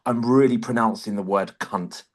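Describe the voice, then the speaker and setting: A man's voice: lowish voice, normal speed. A man co-hosting a podcast in casual chat, swearing often and making emphatic jokes. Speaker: podcast co-host.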